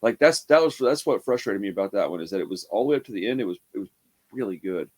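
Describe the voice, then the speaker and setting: A man's voice: on the low side, animated, quick pace, a little mellow. Laid-back man rambling a movie review. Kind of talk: casual spoken movie review.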